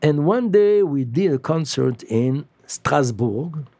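Halting man telling stories. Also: on the high side, dry recording. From France. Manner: halting, many fillers and restarts, animated. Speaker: musician guest. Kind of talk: casual storytelling interview.

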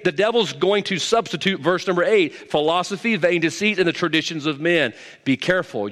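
Folksy preacher in a reverberant hall. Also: male voice, fairly bright tone. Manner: folksy and emphatic, swings from low asides to raised exhortation. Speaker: pastor. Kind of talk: sermon. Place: church sanctuary. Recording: long reverb of a large hall.

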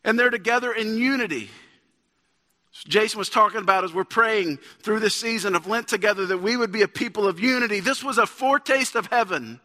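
A man's voice: high voice, fairly quick, sharp tone. A man in his thirties preaching a conversational sermon as a pastor, building up to emphatic peaks. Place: church sanctuary. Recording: long church hall reverb.

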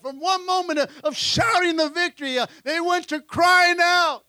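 A male pastor giving an energetic sermon, punctuating sentences with "amen" and acting out voices of the people in his story. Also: very high voice, normal speed, hardly any pauses, no room sound. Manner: energetic preaching, frequent "amen", acts out disciples' voices. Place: church sanctuary.

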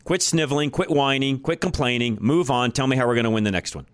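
A fast-talking American radio host with a medium-pitched voice delivers a blunt, opinionated monologue, hammering his points through repetition. He's recorded on a studio microphone with no echo.

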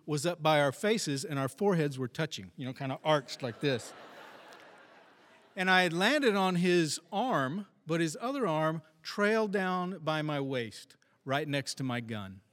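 A former police officer telling a wry, self-deprecating story about a fight on the job. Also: male voice, fairly high pitch, a bit bright, in a large hall. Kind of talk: first-person storytelling.

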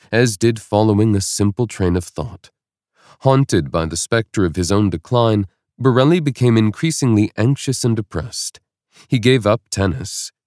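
A man narrating a nonfiction audiobook in a measured, steady reading voice, recorded in a studio. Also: fairly low pitch, no room sound.

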